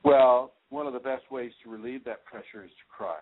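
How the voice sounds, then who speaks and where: A man hosting a radio call-in show, giving spiritual advice in a slow, reassuring way with many repeated words and restarts. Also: medium pitch, steady tone. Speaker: spiritual teacher, radio host. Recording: tinny phone line.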